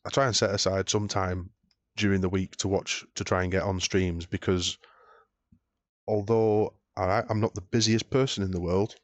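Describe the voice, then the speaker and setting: Lowish British man, chatty podcast host. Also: normal speed, dry recording. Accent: British English. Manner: chatty, storytelling, animated when joking. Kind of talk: casual chat.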